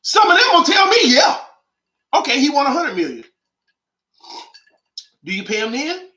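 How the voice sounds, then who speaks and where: A man riffs through an emphatic, preachy monologue, firing off rhetorical questions in slangy talk. His voice sits high and swoops up and down. The room around him rings with echo. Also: very animated, moderate pace, pushed and bright. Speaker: host of a call-in sports show. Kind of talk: animated opinionated monologue.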